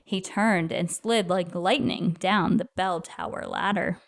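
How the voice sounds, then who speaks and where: A woman reading a children's picture book aloud in an expressive, lively storyteller manner. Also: fairly low pitch, a little slow.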